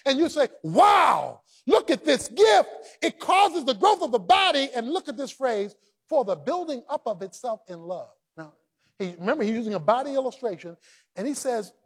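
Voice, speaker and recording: A male pastor preaching a rousing sermon, repeating lines for the congregation and swinging from shouts down to low, quiet asides. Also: breathy edge.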